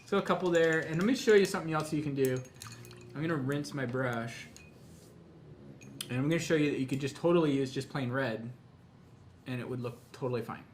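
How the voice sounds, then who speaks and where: A man hosting a live painting lesson, walking viewers through each brushstroke in an easygoing, talkative manner. His voice sits at an ordinary middle pitch. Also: fairly quick, long pauses, slight background noise. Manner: relaxed, chatty, step-by-step explaining. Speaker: painting instructor. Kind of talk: live tutorial demonstration.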